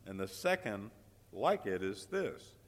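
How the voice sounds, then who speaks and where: A man preaching a sermon, telling a story with dramatic pauses and emphatic repetition. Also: on the low side, very animated. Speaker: guest preacher. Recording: long hall reverb.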